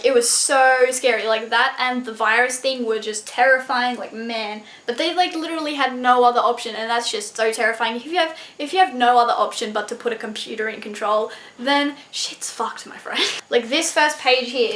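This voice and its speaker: A young woman reviewing a book in a casual vlog, excitable and gushing, full of "like" and swearing. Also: fairly high pitch. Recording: echoey room.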